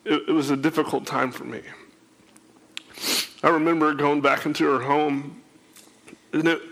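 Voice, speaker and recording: A man's voice: fairly high pitch, flat delivery, normal speed, vocal fry, fairly bright tone. A man telling his life story to an audience, emotional and tearful, often repeating words as he speaks. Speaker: speaker sharing his testimony. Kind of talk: personal testimony to an audience.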